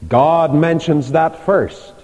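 A man's voice: fairly high pitch, slow pace, darkish tone. An older man preaching a sermon about marriage, telling stories with emphatic delivery and rhetorical questions. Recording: long hall reverb.

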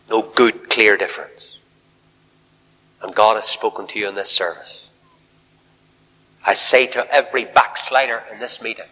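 In a large church hall, a man delivers a fiery revival sermon, swinging between shouted appeals and hushed near-whispers. His voice is fairly low in pitch.

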